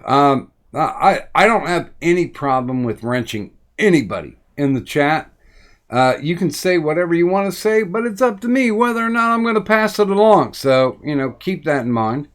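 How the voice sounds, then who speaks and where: A man hosting a casual podcast, calmly relaying chat questions and moderating. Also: on the high side, moderate pace. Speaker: podcast host.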